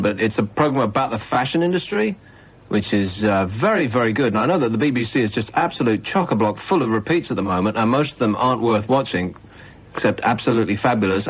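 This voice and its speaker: Male late-night radio host, husky, sarcastic and teasing, on a dull old radio recording. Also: medium pitch. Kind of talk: late-night phone-in banter. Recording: dull 1990s radio broadcast.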